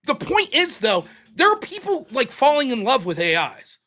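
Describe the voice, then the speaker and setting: A man's voice: very high-pitched, wildly swooping pitch, normal speed, bright, forceful tone. A man arguing in a debate, profane and rambling, acting out little quoted voices as he goes. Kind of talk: heated debate talk.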